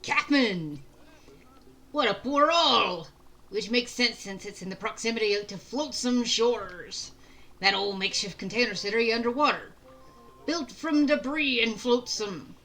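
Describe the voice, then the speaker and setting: A woman voicing a boisterous old male pirate captain, reading game dialogue aloud in character with a loud, swaggering storyteller's manner. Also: on the high side, measured pace, low-quality recording.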